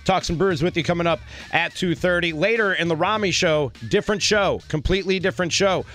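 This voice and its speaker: A man guest-hosting a sports talk radio show, loud and playful, talking fast and now and then singing his lines. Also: high voice, faint music behind. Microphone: studio microphone.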